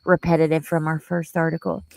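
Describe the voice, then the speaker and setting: Earnest, low-voiced woman livestreamer. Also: little pitch movement, brisk, creaky, rough recording. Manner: earnest, openly emotional, chatty, talks straight to viewers. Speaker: livestream host. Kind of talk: casual livestream commentary reading news and chat.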